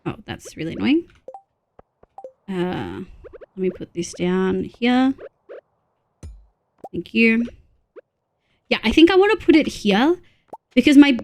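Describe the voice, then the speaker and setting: Excitable young woman streamer, gasping. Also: mid-range voice, takes it slowly, long pauses. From Australia. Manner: excitable, gasps and counts items aloud. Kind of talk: casual gameplay chat.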